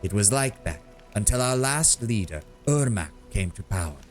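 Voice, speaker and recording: A man voicing a shrewd, worldly male kobold bard in a video game, speaking in a measured storytelling way. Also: fairly low pitch, animated, soft background music, lightly acted. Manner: measured storytelling, grows sonorous and dramatic. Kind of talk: reading game dialogue aloud.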